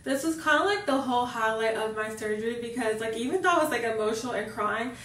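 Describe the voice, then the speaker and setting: A young woman tells a personal story as a vlogger, in a loose, rambling way that keeps circling back on "like". Her voice sits a bit high, and the mic is set back from her, so the room echoes around her words. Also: fast talker, a bit bright, far from the mic, a little hiss or hum. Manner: chatty, fills sentences with "like". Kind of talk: casual storytelling.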